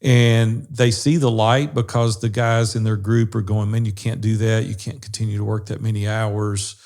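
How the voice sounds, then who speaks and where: A man's voice: fairly low pitch, flat delivery, normal speed. A man, co-hosting a podcast and telling stories in a folksy, casual way. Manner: warm folksy storyteller, says y'all and fixing to. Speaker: co-host of a business brotherhood podcast. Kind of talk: casual storytelling chat.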